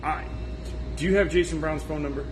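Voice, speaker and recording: A man's voice: on the high side, steady tone, fairly quick, slight background noise. A man hosting a casual live video from a gun shop, teasing his coworkers in a loose, rambling way. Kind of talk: casual live-stream banter. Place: indoor gun shop and range.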